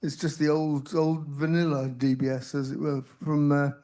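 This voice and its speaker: An older man on a panel telling stories about his treatment, halting and self-deprecating, with many restarts. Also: fairly high pitch, level tone, dark tone. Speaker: panelist, researcher with Parkinson's. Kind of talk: casual anecdotal talk. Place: conference hall.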